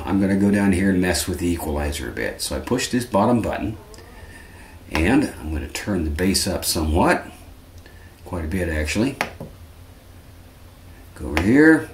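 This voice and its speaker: A man's voice: sits low, roomy sound, a little hiss or hum. A man hosting a casual guitar amp tutorial, chatty and self-correcting with dry little asides. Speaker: guitar lesson host.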